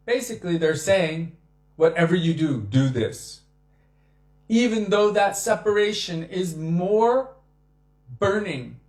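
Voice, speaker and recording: A man gives a devotional talk in a fairly high voice. He tells stories in an animated way and acts out the lines he quotes. The sound rings in an echoey room. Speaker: devotional speaker.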